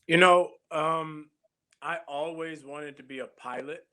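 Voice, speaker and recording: Man, playful storyteller, casual interview chat, bright tense tone, fairly high voice. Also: steady tone, unhurried. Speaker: actor being interviewed.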